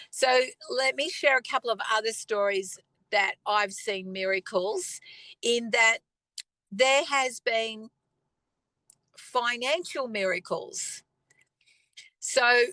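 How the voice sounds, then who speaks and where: Woman, testimony speaker, earnest and conversational, higher bright voice. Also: dry recording, rough recording. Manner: earnest and conversational, with pauses and throat clearing. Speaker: faith speaker. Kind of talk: personal testimony talk.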